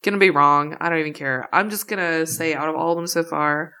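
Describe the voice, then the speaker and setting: Woman co-host; lowish voice; relaxed and laughs easily. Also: a little fast. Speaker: podcast co-host. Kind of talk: casual chat.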